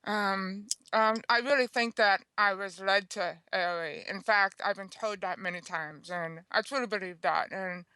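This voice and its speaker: A woman's voice: medium pitch, normal speed, hardly any pauses, sharp tone, clean tone. A woman guest author telling a personal story in an interview, earnest and chatty, often checking in with the listener. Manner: chatty, earnest, checks in with "okay?" and "you know".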